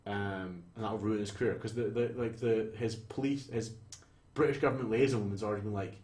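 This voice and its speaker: A young Scottish man recapping a film in casual chat, animated, swearing freely and acting out lines from scenes. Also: lowish voice, brisk. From Scotland. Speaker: podcast co-host. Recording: roomy echo.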